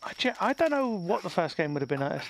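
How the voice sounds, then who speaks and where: A man's voice: sits high, very animated, fast, a little hiss or hum. A man live-streaming a game, chatting and answering viewers as he plays. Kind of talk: live gameplay commentary.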